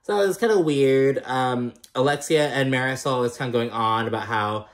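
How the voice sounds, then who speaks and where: A young man talks through a reality show episode in a loose, unscripted recap. He swears a lot and sounds thoroughly exasperated with the cast. His voice sits at an ordinary middle pitch for a man. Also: normal speed, hardly any pauses. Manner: profane, exasperated, mimics cast members in higher voices. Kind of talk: casual recap rant.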